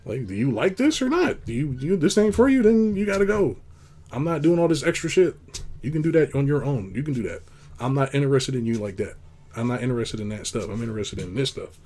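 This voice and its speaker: A man hosting a casual monologue, rambling and blunt, acting out quoted lines in a high put-on voice. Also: very animated, a little fast, a little mellow. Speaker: host.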